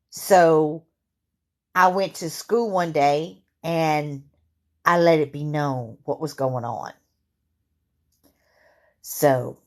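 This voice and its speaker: A woman in her fifties with a sore throat, telling her own story to camera in a halting way, full of fillers and restarts. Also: low-pitched, darkish tone. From Louisiana. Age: 50s. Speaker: vlogger.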